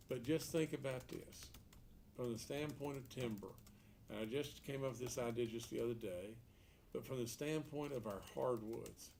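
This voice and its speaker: Seated around a table in a meeting room, a male political candidate answers an editorial board off the cuff. His mid-range voice has a warm tone, and his folksy, emphatic style features repeated words and rhetorical questions, with a little hiss or hum in the audio.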